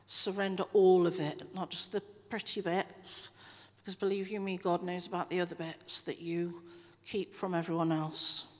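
Woman speaking in a church hall. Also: fairly low pitch. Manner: chatty, earnest, encouraging with asides. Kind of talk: informal church talk and prayer. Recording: long echo of a church hall.

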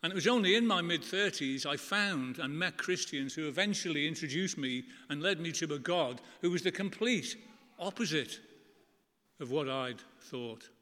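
Man, middle-aged, preacher, earnest conversational sermon, slightly high, bright and forceful tone, long church echo. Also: expressive. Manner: conversational, earnest, with emphatic pauses.

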